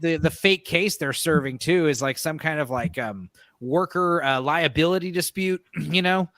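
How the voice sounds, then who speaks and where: A man's voice: on the high side, normal speed, background noise. A man in casual podcast chat, retelling a show with plenty of swearing and put-on voices. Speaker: podcast co-host.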